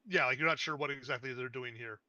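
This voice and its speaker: A man's voice: mid-range voice, quick pace, bright, forceful tone, no room sound, lo-fi sound. A man narrating as game master of a tabletop game, describing the scene with frequent fillers.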